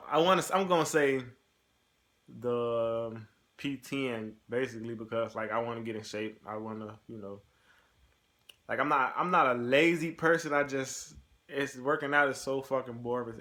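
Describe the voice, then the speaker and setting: Young male recruit vlogging into a camera mic, rambling and profane, mid-pitched. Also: steady tone, normal speed, a bit bright. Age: young adult. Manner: loose and profane, rambling with many fillers. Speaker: recruit in the delayed entry program. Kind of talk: casual video diary answering a question tag.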